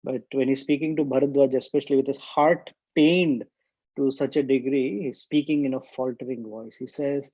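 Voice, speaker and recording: A man's voice: mid-range voice, steady tone, normal speed, warm tone, husky, no room sound, lo-fi sound. A man giving a scripture discourse, explaining each verse word by word with many hesitant fillers. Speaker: spiritual teacher.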